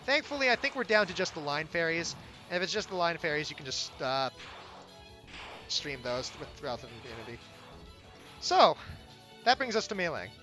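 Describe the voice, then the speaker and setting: A young man with a high, bright voice talks over his own game, his pitch bouncing up and down as he explains things. His tone is casual and self-deprecating, and he often restarts his sentences. Game music plays faintly underneath. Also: sing-song, moderate pace, pauses often. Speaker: game developer giving commentary. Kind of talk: gameplay commentary.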